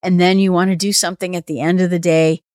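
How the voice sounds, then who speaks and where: A woman hosting a solo podcast, talking through a self-help book in a calm, reassuring way. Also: lowish voice, fast, no echo, clean studio sound. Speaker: podcast host.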